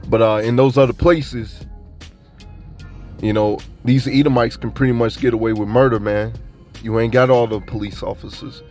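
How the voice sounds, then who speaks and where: Brief: man from Kentucky, relaxed preaching voice, chatty and laughing, soft music under him. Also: medium pitch, moderate pace. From Kentucky, USA. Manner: loose, conversational, laughing asides, repeats "man". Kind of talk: casual street-style sermon.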